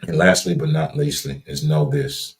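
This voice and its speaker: Preacher-like and earnest, this deep-voiced livestream host from Louisiana drawls through a motivational talk at a moderate pace, his pitch swinging widely with some vocal fry. He repeats himself in a folksy way, pressing his words and building to raised emphasis, as the room echoes noticeably.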